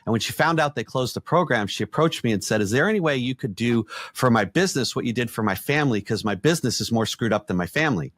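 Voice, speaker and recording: A middle-aged man, an executive coach, telling blunt, animated stories in a podcast conversation and acting out the quotes. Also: medium pitch, fast talker, few pauses, no echo, studio quality.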